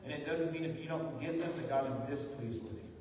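A man's voice: a little high, fairly quick, darkish tone. A man preaching a sermon as pastor, earnest and pleading, building to emphatic calls. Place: church sanctuary. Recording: echoey hall, distant mic, faint noise.

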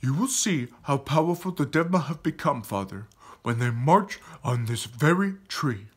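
Storybook: man reading a defiant young prince, husky, urgent, emphatic. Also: mid-range voice, animated, moderate pace. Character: proud defiant young male forest-tribe prince.

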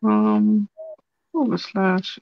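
A woman's voice: medium pitch, steady tone, drawn-out words, vocal fry, no room sound, muffled recording. A woman hosting a casual crafting livestream, talking half to herself as she works. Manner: muttering to herself while working. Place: home craft room.

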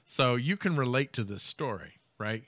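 A man's voice: medium pitch, animated, moderate pace, a bit bright, dry recording. A man co-hosting a podcast, reading out a news story and riffing on it with jokes, laughter and mock voices. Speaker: podcast co-host. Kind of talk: comedic news commentary.

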